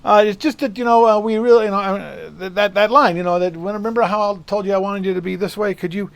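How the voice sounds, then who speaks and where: A man's voice: high-pitched, steady tone, quick pace, vocal fry, clean tone, pitched above the performer's own voice. A man putting on a nervous young male sound engineer who stammers and apologizes while asking for another take. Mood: flustered. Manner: hesitant, stammering, eager to please.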